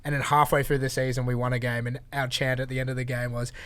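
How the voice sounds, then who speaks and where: A man's voice: medium pitch, fast talker. An Australian man, a podcast guest, telling stories in casual chat with frequent laughs. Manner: animated storyteller, laughs often.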